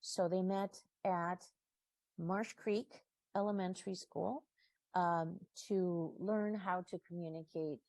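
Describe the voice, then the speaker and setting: A woman speaks earnestly at a council meeting, her low voice gravelly and mellow. The sound is dry and close, with little room echo. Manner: earnest, heartfelt. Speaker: public commenter at city council. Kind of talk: public comment speech.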